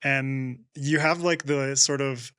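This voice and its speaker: A man's voice: mid-range voice, fairly even intonation, slow, a bit bright, clear, resonant tone, no room sound, clean studio sound. A man co-hosting a podcast interview, enthusiastic and loose, with lots of casual fillers. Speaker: podcast co-host.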